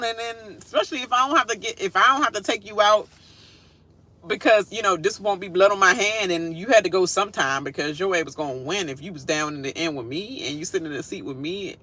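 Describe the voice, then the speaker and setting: A woman's voice: medium pitch, fast, pushed and bright. A woman giving a casual, sassy reaction rant, laughing often and mimicking people in whiny voices. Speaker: reality show commentator.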